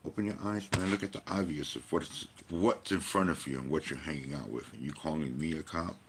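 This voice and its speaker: A man with an extremely low, gravelly voice talks straight to the camera in a rambling monologue. He is emphatic and swears freely, firing off rhetorical questions. A faint hum of noise sits under his voice. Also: a little fast. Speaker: vlogger.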